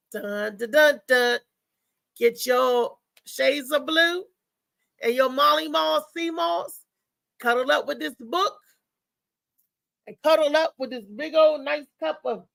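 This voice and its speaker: A woman's voice: high voice, slow, vocal fry, long pauses, fairly bright tone, dry recording, rough recording. A woman hosting a live show, chatting loosely and talking straight to her viewers. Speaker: host. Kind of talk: casual live show chat.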